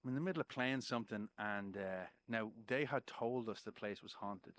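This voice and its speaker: A man's voice: on the low side, moderate pace, fairly bright tone, no echo. A man, a musician guest on a podcast, telling a story in casual chat, swearing freely and checking in with "right?".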